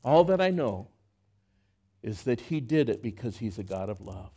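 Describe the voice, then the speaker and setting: A man preaching a sermon, his delivery swinging from hushed, intimate phrases to loud, impassioned outbursts. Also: medium pitch, big pitch swings, normal speed, husky. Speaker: pastor.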